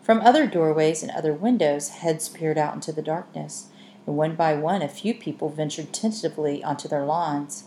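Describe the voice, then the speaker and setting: A woman reading a story aloud in measured scripted narration, in an echoey room with faint hiss. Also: deep voice, mellow. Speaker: audiobook narrator.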